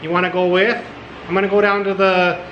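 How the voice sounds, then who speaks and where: A man's voice: sits high, level tone, fairly quick, highs cut off, voice pushed up, close to an everyday voice. A man putting on a cheery small-town man with a North Dakota accent, sing-song and upbeat. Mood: folksy. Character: cheery small-town Upper Midwest man inviting a friend along. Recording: echoey room with background noise.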